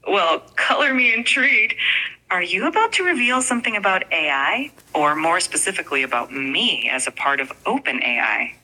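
A woman's voice: fairly low pitch, sing-song, moderate pace, bright, forceful tone, heavily acted. A woman voicing a bubbly AI assistant. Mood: playful. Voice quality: bubbly, playful. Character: cheerful female AI voice assistant. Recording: echoey demo clip with room noise.

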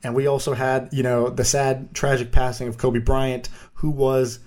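A man's voice: mid-range voice, flat delivery, moderate pace, darkish tone. A man hosting a podcast, asking questions in an easygoing, enthusiastic way. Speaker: podcast host. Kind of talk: casual podcast chat.

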